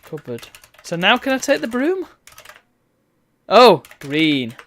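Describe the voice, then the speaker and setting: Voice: mid-range voice, big pitch swings, slow, fairly bright tone. A streamer, chatting wryly and reading game text aloud while playing a retro game. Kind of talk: let's play commentary.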